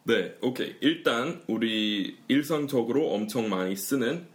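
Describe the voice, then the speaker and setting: A man's voice: mid-range voice, animated, racing. Chatty American man teaching pronunciation. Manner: chatty, laughs often, switches between English and Korean. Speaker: podcast host and pronunciation teacher. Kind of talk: bilingual language lesson.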